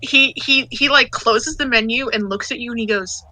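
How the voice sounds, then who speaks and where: A woman's voice: on the high side, normal speed, sharp tone, no room sound, poor audio. A woman running a tabletop role-playing game, narrating casually with fillers and laughs. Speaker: game master.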